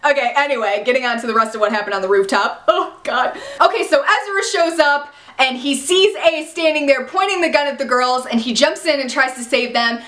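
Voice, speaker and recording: A young woman excitedly recapping a TV episode, gushing and exasperated by turns. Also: high-pitched, brisk, few pauses, roomy sound. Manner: gushing and exasperated, jumps into quoted shouts. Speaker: TV recap vlogger.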